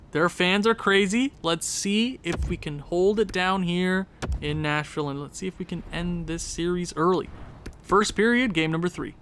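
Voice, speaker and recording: Excitable young man narrating hockey game. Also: high voice, a little hiss or hum. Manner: excitable, talks fast through game recaps. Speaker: gaming YouTuber. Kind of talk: casual game commentary.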